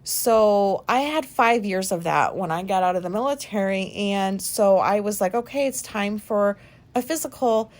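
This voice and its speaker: A woman in her forties, hosting a podcast and talking through an embarrassing memory in a candid, rambling way, self-conscious and quick to swear. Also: mid-range voice. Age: 40s. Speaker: podcast host. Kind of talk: candid personal monologue.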